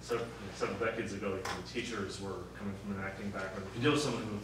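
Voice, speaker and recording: A man's voice: fairly low pitch, fairly even intonation, rapid-fire. A man interviewing, asking long, hesitant questions and thinking aloud. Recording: distant echoey recording with clear noise.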